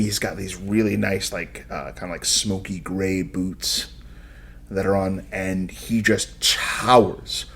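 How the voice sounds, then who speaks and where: A man's voice: fairly low pitch, a little hiss or hum. A man narrating as game master of a tabletop role-playing game, describing scenes with frequent searching for words.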